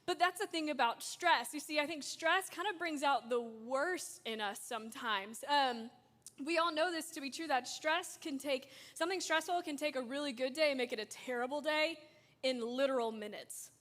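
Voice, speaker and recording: A woman's voice: high-pitched, normal speed, fairly bright tone. A young woman giving an earnest, conversational talk to students, asking rhetorical questions. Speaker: youth speaker. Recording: hall reverb.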